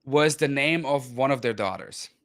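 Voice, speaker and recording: A man from Germany with a German accent, hosting a casual chat and slowly spelling out how words are said. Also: medium pitch. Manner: explains pronunciations slowly, self-aware about a loud voice. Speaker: host.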